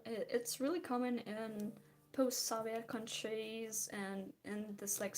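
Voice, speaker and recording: A young woman chats casually while she draws, sounding tired. Her voice sits a little high, and she talks slowly, rambling, giggling and trailing off mid-thought. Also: a little mellow. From Belarus. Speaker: streamer. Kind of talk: casual chat while drawing.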